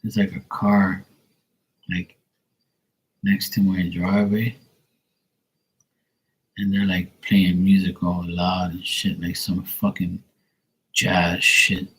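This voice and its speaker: A man's voice: deep voice, level tone, takes it slowly, long pauses, a bit bright, husky, low-quality recording. A man chatting casually with viewers on a live tarot stream, blunt and full of swearing. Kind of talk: casual livestream chat.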